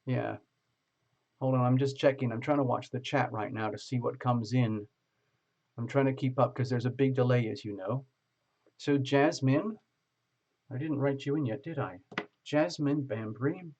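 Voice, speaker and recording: Husky-voiced man chatting on a livestream. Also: medium pitch, normal speed, long pauses, a little mellow. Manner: chatty and joking, greets viewers by name. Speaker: tarot reader hosting a live stream. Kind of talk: live stream chat, reading viewer comments.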